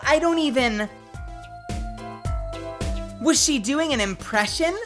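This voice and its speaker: Woman, streamer, live gameplay commentary, animated pitch, game music behind. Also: takes it slowly. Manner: expressive, chatty, thinking aloud. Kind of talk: live let's-play commentary.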